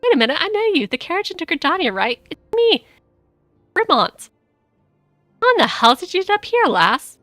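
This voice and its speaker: A woman doing a gruff folksy merchant man. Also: very high-pitched, big pitch swings, moderate pace, long pauses, a bit bright, no room sound, soft background music, voice pushed up, full character voice. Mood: hearty. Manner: folksy rough speech, calls people lass and fella. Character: gruff folksy male merchant, weary and searching.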